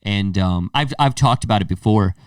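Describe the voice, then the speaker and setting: A man's voice: lowish voice, normal speed, smooth, dry recording, clean studio sound, far from the mic. A man co-hosting a podcast, chatting casually and telling loose, profane stories. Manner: loose, storytelling, swearing freely. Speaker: podcast co-host. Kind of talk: casual chat.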